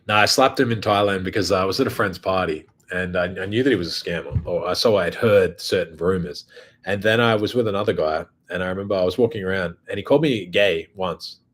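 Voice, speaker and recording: A man's voice: low-pitched, fast talker, breathy edge. A man hosting his own show, talking in a blunt, profane, casual monologue. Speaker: host.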